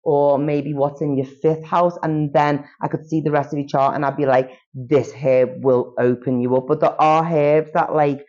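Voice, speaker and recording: A man's voice: a little high, little pitch movement, normal speed, few pauses, a little mellow. A man who is a guest on a podcast, chatting casually and rambling with lots of fillers and restarts. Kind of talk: casual chat. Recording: dull lo-fi recording.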